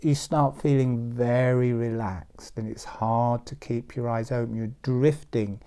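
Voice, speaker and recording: Slow, soft-spoken man guiding relaxation. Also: mid-range voice, steady tone, clean tone. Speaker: breathing instructor. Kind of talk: guided relaxation instruction.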